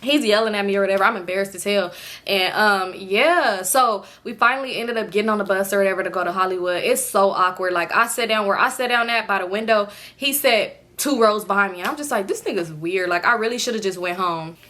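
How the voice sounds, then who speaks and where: A woman vlogger telling a casual storytime, animated and profane, laughing often. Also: medium pitch, brisk.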